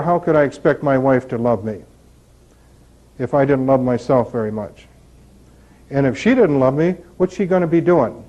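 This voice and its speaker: In a lo-fi recording with a dull sound, a recovery speaker talks informally, mixing candid anecdotes with rhetorical questions. His voice is mid-range and dark in tone.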